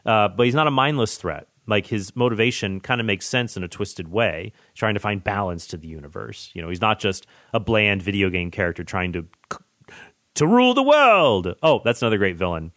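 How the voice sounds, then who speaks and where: A man in his thirties hosts a podcast in a low voice and talks with eager enthusiasm. He jumps between excited tangents in a casual way. The sound is very dry and close, with no room echo. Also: a little fast, few pauses. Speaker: podcast host. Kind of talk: casual movie chat.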